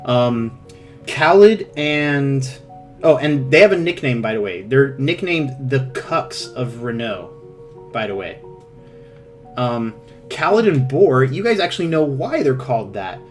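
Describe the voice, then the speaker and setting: A man narrating as game master, rambling and halting, with many fillers and restarts. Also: medium pitch, sing-song, soft background music.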